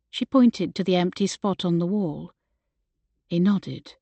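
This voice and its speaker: A woman narrating a historical romance audiobook in a gentle, measured way. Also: medium pitch, fairly even intonation, no room sound. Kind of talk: scripted narration.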